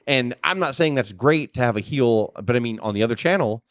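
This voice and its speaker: A man co-hosting a wrestling podcast in casual chat, animated, laughing and swearing freely. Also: medium pitch, fairly quick, dry recording. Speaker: podcast co-host. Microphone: podcast microphone.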